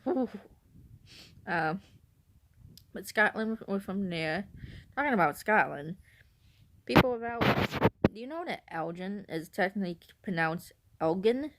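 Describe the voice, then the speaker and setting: A woman's voice: medium pitch, expressive, unhurried, long pauses, background noise. A woman from northern Illinois talking casually to camera in a vlog. She rambles, keeps correcting herself, giggles often and admits to being nervous on camera. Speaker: vlogger.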